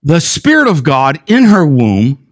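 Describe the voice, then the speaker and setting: A man in his sixties voicing a gentle, fatherly male God who speaks calmly and patiently to a believer in a sermon. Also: on the high side, a little slow, heavily acted. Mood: earnest.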